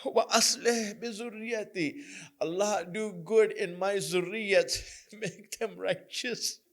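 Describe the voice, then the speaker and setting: A man with a very high-pitched voice delivers a mourning sermon at a mosque gathering. He recites and translates a prayer, then tells the story with mounting passion, his voice breaking into sobs. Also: slow pace. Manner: recounts the narrative with rising passion, voice breaking into sobs. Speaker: Muharram majlis speaker.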